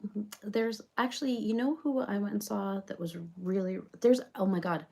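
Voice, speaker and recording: A chatty reality-show personality who rambles from one thought to the next and leans on constant fillers, played by a woman. Her mid-pitched voice has a gravelly fry running through it. The delivery is a loose comedic parody monologue. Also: normal speed, a little mellow. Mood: rambling.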